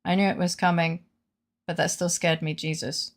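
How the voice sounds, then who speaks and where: A woman's voice: lowish voice, fairly even intonation, moderate pace. A woman streaming a game while sick with a fever, chatting playfully with her viewers and swearing freely. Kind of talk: casual let's-play commentary.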